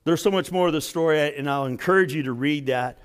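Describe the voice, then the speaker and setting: A man preaching a sermon as pastor, dramatic, swinging between loud emphasis and hushed lines. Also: on the high side, fairly quick, clear, resonant tone.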